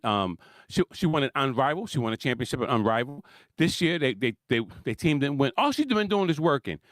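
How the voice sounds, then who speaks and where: A man with a high, lively voice delivers a heated solo sports rant, swinging widely in pitch as he laughs and hammers his points home. The sound is close and dry, with no room around it. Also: dry recording. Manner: animated, laughs often, repeats points for emphasis. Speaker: sports commentary host.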